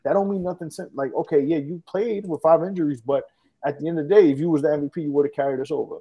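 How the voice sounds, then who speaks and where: A man co-hosting a casual talk show, talking very quickly in a fairly high voice. He rants and mocks with heavy profanity, piling up jokes as he goes. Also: dark tone. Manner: fast, profane, ranting, mocking. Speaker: podcast co-host. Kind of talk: heated casual chat.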